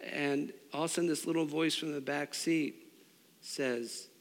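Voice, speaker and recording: Man, middle-aged, pastor, sermon storytelling, loud-to-hushed swings, long hall reverb. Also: a little high, fairly even intonation, unhurried.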